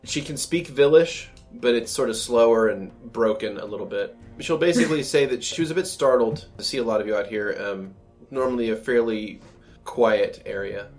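A man's voice: medium pitch, normal speed, darkish tone, faint music behind. Casual man narrating as game master. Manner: loose, filler-heavy description.

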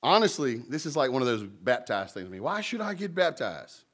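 A man's voice: mid-range voice, very animated, fairly quick, a bit bright. A man pastor preaching a sermon in a conversational way, with humorous stories and asides between scripture readings.

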